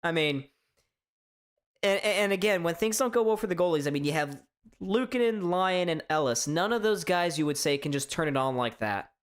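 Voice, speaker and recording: A man from hosting a live sports reaction stream, chatting casually in a strained, hoarse voice, rambling and stammering through restarts. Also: fairly high pitch, expressive, normal speed. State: voice straining from shouting. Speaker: sports fan livestream host.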